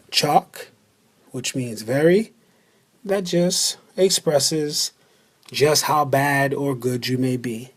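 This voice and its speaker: Over slides, a man leads a beginner language lesson in a mid-range, slightly rough voice. His pace is slow and careful, and he repeats words for the listener to practise along.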